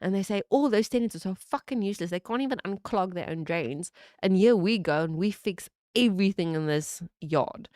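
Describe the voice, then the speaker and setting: A woman in her thirties streaming from home, telling a story in an animated way, laughing and swearing. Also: fairly quick, no room sound, clean studio sound. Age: 30s. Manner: animated, laughing, swearing, lively pitch jumps. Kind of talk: casual storytelling chat.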